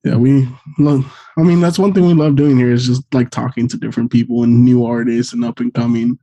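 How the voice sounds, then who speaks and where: Laid-back guy hosting a podcast, mellow voice, says dude a lot. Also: mid-range voice, level tone, a little fast, low-quality recording. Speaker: podcast host. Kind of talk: casual chat.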